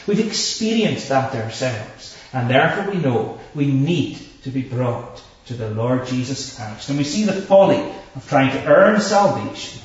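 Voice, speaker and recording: A man preaching a sermon with slow, emphatic delivery, stressing repeated words and reading scripture in old formal English. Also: mid-range voice. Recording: echoey, distant, dull hall recording.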